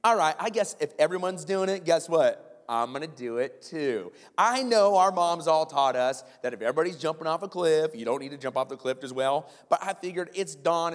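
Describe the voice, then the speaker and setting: A man preaching a sermon, telling a long personal story with lively quoted voices and asides to listeners. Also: on the high side. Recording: long hall reverb.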